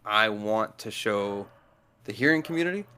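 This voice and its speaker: A man's voice: fairly low pitch, expressive, normal speed, pushed and bright, a little hiss or hum. A man in casual conversation, carefully and patiently explaining how he manages his speech. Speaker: guest. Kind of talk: casual chat.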